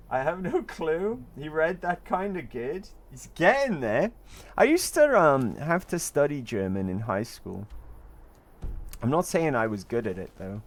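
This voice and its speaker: A middle-aged man streams a game live, his fairly high voice very animated yet slow, with long pauses. His casual chat is full of teasing jokes aimed at viewers and the occasional curse.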